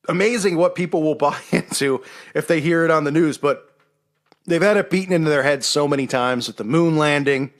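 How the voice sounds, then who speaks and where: A man's voice: a little high, a little fast. A man hosting a casual monologue show, talking in a sarcastic, mocking way. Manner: sarcastic, mocking impressions of others. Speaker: host.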